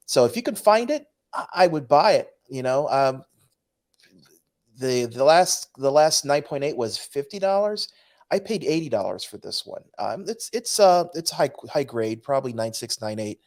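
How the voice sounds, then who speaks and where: A man co-hosting a casual podcast about comic books, talking in an easygoing, hesitant way with frequent pauses and restarts. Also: mid-range voice. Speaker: podcast co-host.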